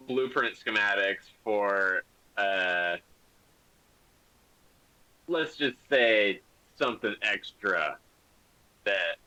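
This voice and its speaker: A man's voice: fairly low pitch, bright, forceful tone, heavily acted, poor audio. Man voicing an overeager gearhead, breathless and sly, for a tabletop game scene. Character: eager excitable grown man, a gearhead.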